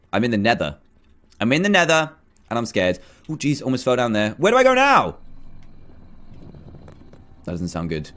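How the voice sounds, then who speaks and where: Excitable young man narrating a game. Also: fairly high pitch. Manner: excitable, jumps from mutters to yelps. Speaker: gaming YouTuber. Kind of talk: Minecraft let's play commentary.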